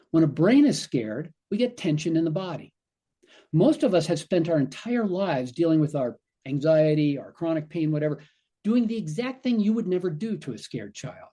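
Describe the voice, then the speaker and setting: A man with a mellow, slightly husky voice explains things in conversation as a physician guest. He slips into quoted asides to voice what the brain might be saying. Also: fairly high pitch.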